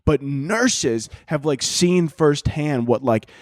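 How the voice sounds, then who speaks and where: A man's voice: a little high, slow pace, no echo, clean studio sound. A man hosting a podcast, telling rambling, profane comic stories and laughing often. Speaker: podcast host. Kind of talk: casual comedic podcast monologue.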